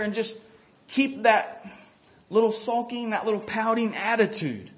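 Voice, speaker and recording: A man's voice: very high voice, normal speed. A man preaching a sermon in a homey, conversational way, often chuckling and saying "you know" to the congregation. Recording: dull lo-fi recording.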